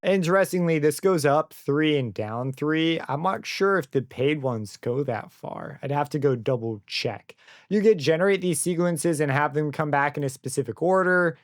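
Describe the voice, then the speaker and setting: A young man walking through a software synth plugin in a casual tutorial, thinking aloud and correcting himself as he goes. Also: a little high, normal speed, dry recording. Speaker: plugin reviewer. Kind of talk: screen-recorded software tutorial. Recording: dry close mic with synth music under it.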